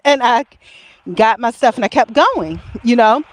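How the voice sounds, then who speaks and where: A chatty woman with a slightly high voice tells a long personal story straight to camera. She rambles in a casual way and laughs now and then. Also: lively intonation, unhurried, dry recording. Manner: chatty, rambling, laughs often while telling. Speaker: vlogger.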